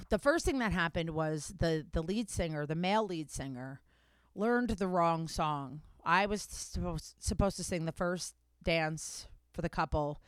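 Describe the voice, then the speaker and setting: A woman's voice: low voice, smooth, no echo. A woman hosting a podcast, telling a story in casual chat, swearing freely and correcting herself as she goes. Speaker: podcast host.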